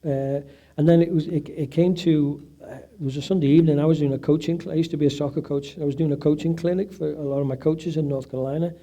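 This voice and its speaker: A man's voice: on the high side, fairly even intonation, fast talker, mellow. A middle-aged man giving an emotional personal testimony at an event, acting out the voices of people he quotes. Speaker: event speaker, patient's husband.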